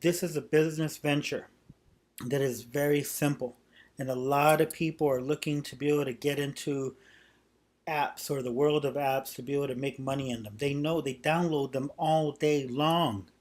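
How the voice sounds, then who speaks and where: A man's voice: fairly high pitch, steady tone, normal speed, darkish tone. A man teaching a sales technique in an unscripted way, often repeating and restarting phrases and acting out sample lines. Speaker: sales trainer. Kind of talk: instructional talk.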